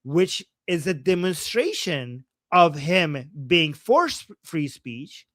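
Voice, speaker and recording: A man hosting a casual livestream, reading viewer chat and reacting heatedly to clips, swearing freely and swinging from soft asides to loud outbursts. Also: on the high side, sing-song, takes it slowly, no echo, clean studio sound. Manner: reads viewer chat aloud.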